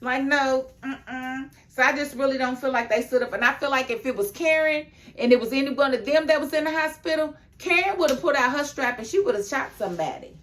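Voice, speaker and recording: A woman records a casual video review of a TV episode. She talks emphatically and laughs often, then slips into a low, confiding tone. Her voice sits a little higher than most. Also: a little fast, few pauses. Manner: emphatic and animated, with frequent laughs; chatty, drops into a low, confiding tone.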